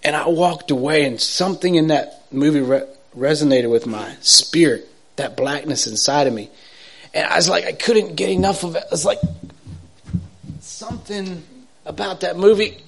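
A middle-aged man giving an emotional personal testimony, halting and repetitive, swinging from urgent to hushed. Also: fairly high pitch, creaky. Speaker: testimony speaker.

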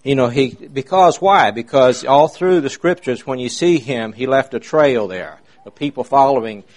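Folksy preacher, a man at a mid pitch, meandering and informal, lots of "uh" and "you know". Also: lively intonation, moderate pace, a little mellow. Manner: rambling, folksy, many fillers and restarts. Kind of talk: informal sermon.

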